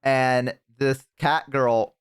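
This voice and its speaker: A man's voice: mid-range voice, steady tone, extremely slow, clean tone. A man streaming from home on a headset, telling a story to his chat in a rambling, swearing, laughing way. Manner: profane, rambling, bursts of laughter.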